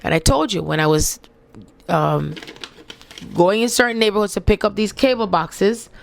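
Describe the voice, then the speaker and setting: A woman's voice: medium pitch, normal speed, creaky, a little hiss or hum. A Jamaican woman in her forties, talking in a loose, emphatic monologue full of rhetorical questions and repeated phrases. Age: 40s. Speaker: spiritual channel host. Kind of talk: casual monologue with read-aloud passages.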